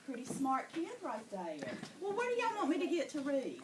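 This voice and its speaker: A woman's voice: high-pitched, huge pitch swings, moderate pace. A woman in her sixties, a grandmother visiting a classroom, coaxing and teasing children as she plays at being a pirate. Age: 60s. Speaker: visiting grandmother reading to schoolchildren. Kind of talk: playful classroom talk with children. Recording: echoey room, far from mic, loud noise.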